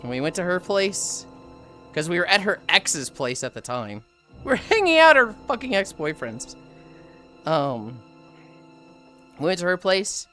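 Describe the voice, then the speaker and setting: A woman streaming live on the move, chatting to her viewers in a loose, animated way. Her voice sits low for a woman yet comes out bright and forceful, and she swears freely. Faint music plays behind her. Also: a little slow, long pauses. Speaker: livestreamer. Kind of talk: casual storytelling to chat. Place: outdoors while walking.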